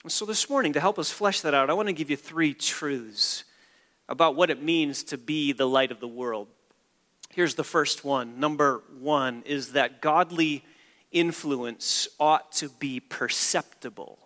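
Guy preaching a sermon, punchy repeats, bright tense tone, long reverb in a big hall. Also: on the high side, measured pace. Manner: emphatic, repeats key phrases for stress. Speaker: pastor.

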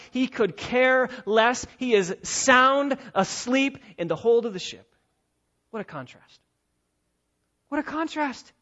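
A man preaching an expository sermon, emphatic and repetitive, swinging between loud and quiet. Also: very high voice, muffled recording.

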